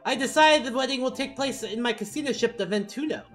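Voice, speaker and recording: A man's voice: extremely high pitch, fast, a bit bright, faint music behind, pitched above the performer's own voice. A man doing a showy casino tycoon. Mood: boastful. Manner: hammy mock-Italian flourishes. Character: flamboyant rich male casino-ship owner.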